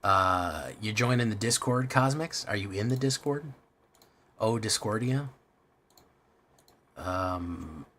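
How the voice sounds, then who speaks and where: Male streamer, low voice, loose rambling chat with lots of swearing, faint room hiss. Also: animated, takes it slowly, long pauses, pushed and bright. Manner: rambling, self-deprecating, swears often. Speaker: streamer playing a card game. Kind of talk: casual live-stream chat.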